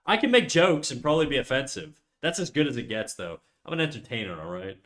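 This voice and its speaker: A man's voice: medium pitch, sing-song, fast, fairly bright tone. Young Canadian male streamer with a Canadian accent, casual and profane, talking to chat while drawing. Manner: loose, joking, swears often. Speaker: live-streaming artist.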